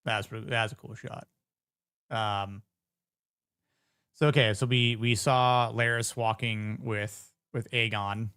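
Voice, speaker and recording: Dude reacting to a tv episode, swears a lot, jokey, dry close sound. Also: male voice, on the low side, steady tone, takes it slowly, pauses often, pushed and bright, clear, resonant tone, dry recording. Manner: blunt, profane and joking. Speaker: show reviewer. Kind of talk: casual reaction commentary.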